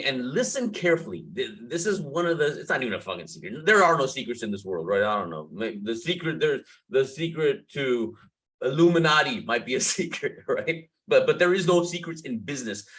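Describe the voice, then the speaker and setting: A man's voice: on the high side, fairly bright tone, rough recording. A young man coaching beauty professionals on sales, hyped and playful, repeating his catchphrases and swearing casually. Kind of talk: energetic motivational talk to camera.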